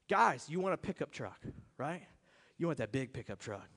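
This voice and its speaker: A man's voice: mid-range voice, very animated, moderate pace, fairly bright tone, husky. A middle-aged man preaching a conversational, emphatic sermon, often turning to his listeners with rhetorical questions. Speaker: pastor. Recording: long reverb of a church hall.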